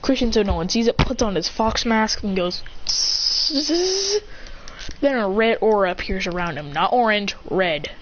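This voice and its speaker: A woman improvising an action fan story, excitable, acting out sounds and shouts. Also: medium pitch, brisk, few pauses, lo-fi sound, slight background noise.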